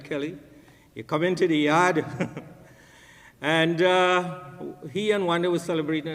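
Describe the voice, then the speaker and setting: An older man with a Trinidadian accent, speaking at a memorial service, telling jovial stories and laughing along with the room. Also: on the high side. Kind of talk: anecdotal eulogy with jokes. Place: funeral home service hall. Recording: long reverb in a hall.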